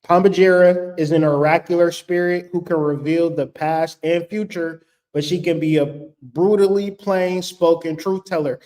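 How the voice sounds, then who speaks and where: Casting: high-voiced man, casual spiritual adviser, blunt, cursing and joking. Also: steady tone, moderate pace, darkish tone. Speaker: spiritual vlogger. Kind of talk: casual spiritual advice talk.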